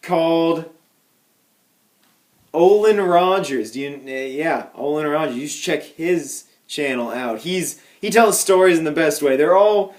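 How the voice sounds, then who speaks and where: A young man talks straight to the camera from home, spinning a tiny everyday mishap into a mock-tragic tale. His voice sits a little high for a man, and he plays the story with deadpan exaggeration. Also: a little slow. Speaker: vlogger.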